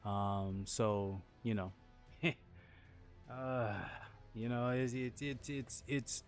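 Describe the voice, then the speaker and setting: A man's voice: medium pitch, drawn-out words, soft background music. Rambling man. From New Orleans, Louisiana. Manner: rambling, repeats and restarts words; animated storytelling with laughs. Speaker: game streamer. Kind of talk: casual livestream chat.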